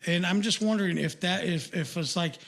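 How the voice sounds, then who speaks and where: A man's voice: high voice, fairly quick, vocal fry, fairly bright tone. An older man co-hosting a podcast, chatting casually and rambling with lots of fillers and restarts. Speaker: podcast co-host.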